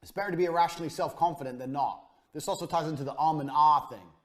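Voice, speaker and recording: A man teaching a business course in a blunt, emphatic motivational lecture style, with short punchy sentences and casual swearing, his voice falling quiet at the ends of phrases. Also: a little high, fast. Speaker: course instructor.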